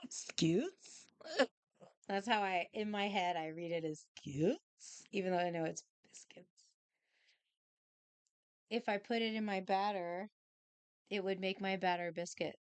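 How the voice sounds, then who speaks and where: A woman's voice: mid-range voice, steady tone, unhurried, pauses often, clear, resonant tone, no room sound. Woman streamer, playful giggly chatter, mid voice, dry recording. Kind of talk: casual chat.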